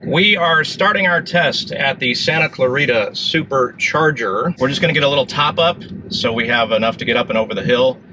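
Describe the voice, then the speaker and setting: A man's voice: medium pitch, a little fast, few pauses, over music, low-quality recording. A middle-aged man hosting a casual travel vlog, chatting in an upbeat way with plenty of fillers. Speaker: vlog host. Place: in and around a car at a charging station.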